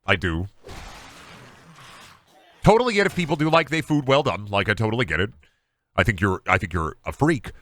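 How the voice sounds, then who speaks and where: Animated joking man ranting on stream. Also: mid-range voice. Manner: joking, ranting, swears a lot. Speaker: gaming streamer. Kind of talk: casual live-stream chat.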